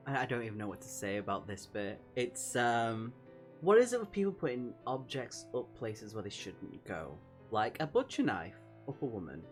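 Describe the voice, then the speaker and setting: A man's voice: mid-range voice, very animated, moderate pace, soft background music. A man reviewing a horror novel in a vlog, reading passages aloud and reacting emphatically, from delight to disgust. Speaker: book reviewer.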